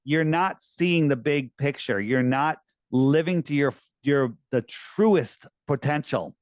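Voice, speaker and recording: A man in a casual interview who talks in an animated, persuasive way and often restarts his sentences. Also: fairly high pitch, slow pace, no echo. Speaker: interviewee, flat-earth promoter.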